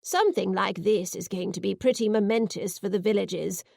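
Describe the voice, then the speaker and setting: A woman's voice: medium pitch, moderate pace, creaky, a little mellow, no echo, clean studio sound. A woman voicing Narlene, a cautious elderly villager thinking aloud, in an audiobook. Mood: musing. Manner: cautious, musing.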